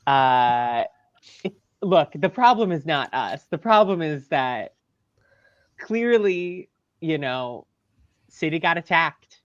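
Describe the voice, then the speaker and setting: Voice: mid-range voice, lively intonation, takes it slowly, long pauses, smooth, dry recording, highs cut off. A player at a tabletop game, speaking in dry, sarcastic quips.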